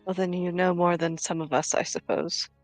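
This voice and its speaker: A woman voicing a calm, caring older mentor figure who gives slow parting advice. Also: fairly low pitch, no echo, faint music behind, lightly acted.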